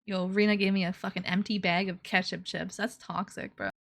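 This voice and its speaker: A young woman streamer in casual live chat, excitable and loud, laughing often. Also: medium pitch, a little fast, gravelly.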